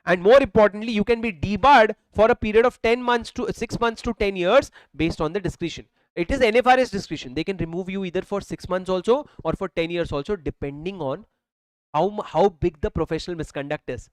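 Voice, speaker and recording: A man's voice: high voice, fairly quick, few pauses, clear, resonant tone, no room sound, rough recording. A man with an Indian English accent teaching law to a live class, emphatic and repetitive, often calling students "sir", speaking into a mic. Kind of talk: classroom lecture. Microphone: handheld or worn mic.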